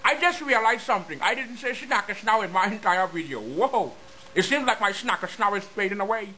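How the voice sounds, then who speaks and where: A man's voice: high voice, lively intonation, a little fast, sharp tone, a little hiss or hum. A man delivering a mocking, exaggerated comedic rant to his viewers. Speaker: comedy vlogger.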